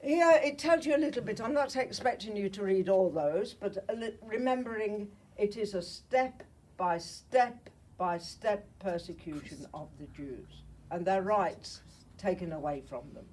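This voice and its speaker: An older woman from Germany gives a slide talk to an audience, with a husky, slightly breathy voice and the thickness of a cold. She speaks in a chatty way and often checks in with her listeners. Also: medium pitch, lively intonation, measured pace, a little mellow, recorded from a distance, low-quality recording. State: has a cold. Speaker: Holocaust survivor speaker.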